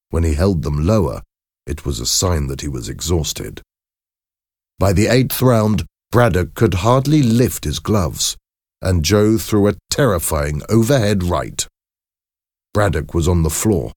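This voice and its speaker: A man reading a story aloud as narrator, in clear, measured storytelling with dramatic emphasis. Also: low-pitched, darkish tone, dry recording, studio quality. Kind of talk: scripted audiobook narration.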